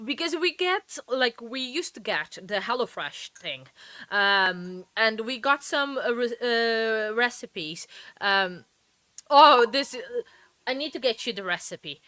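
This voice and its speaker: A woman's voice: fairly high pitch, animated, slow pace, sharp tone, no echo. A woman hosting a live stream in a casual, chatty way, often laughing and talking straight to her viewers. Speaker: livestream host.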